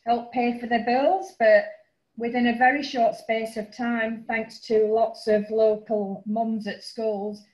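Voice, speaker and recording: A woman's voice: a little high, flat delivery, a little mellow. A middle-aged woman with a Yorkshire accent, a finance broker talking casually about her background, with frequent ums. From northern England. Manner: chatty, frequent um fillers, quick asides. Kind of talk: casual webinar presentation. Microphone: video call. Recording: roomy, dull lo-fi call audio.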